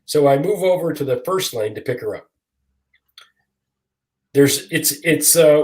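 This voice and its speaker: Animated older man telling a story. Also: fairly high pitch, a little slow, long pauses. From Michigan, USA. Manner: animated, self-deprecating storyteller. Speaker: guest attorney and author. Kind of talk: storytelling in a casual interview. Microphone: video call.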